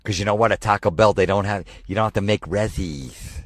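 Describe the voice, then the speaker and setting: Low-voiced man, comedy podcast host, profane exasperated rant, dry close mic. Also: fairly quick, hardly any pauses, no echo. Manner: profane, exasperated ranting with mocking impressions. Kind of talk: ranting comedy podcast monologue.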